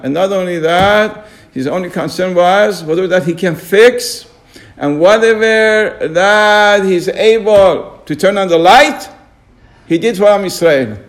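A man teaching a Torah lesson on the radio, emphatic, acting out people's complaining questions. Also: high voice.

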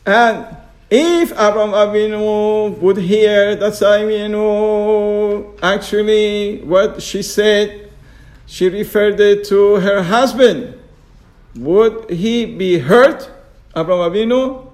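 High-voiced man giving a Torah class. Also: steady tone, slow, a little mellow. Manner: chuckling, asks rhetorical questions, acts out quoted excuses. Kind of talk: informal Torah lesson on radio.

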